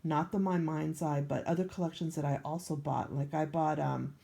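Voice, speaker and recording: An older woman with a deep, mellow voice and vocal fry talks in a steady tone at normal speed. A scrapbooking vlogger, she gives rambling, casual show-and-tell narration of her pages with lots of ums.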